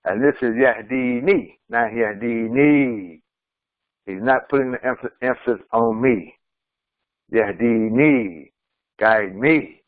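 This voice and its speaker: A man, an imam, giving a slow commentary on scripture, reciting verses and then translating them phrase by phrase. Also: medium pitch, no room sound, phone-quality sound. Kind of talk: Quran commentary lesson.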